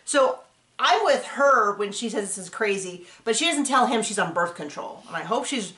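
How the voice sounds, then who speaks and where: A woman's voice: a little high, expressive, moderate pace, bright, forceful tone, echoey room. A woman hosting a casual reality TV recap, chatting and rambling as she acts out what people said.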